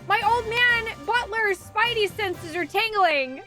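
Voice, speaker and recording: A young adult woman streaming a game, chatting with laughter, animated and cursing freely. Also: very high voice, takes it slowly, soft background music. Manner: laughs a lot, animated and swears. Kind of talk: let's play commentary.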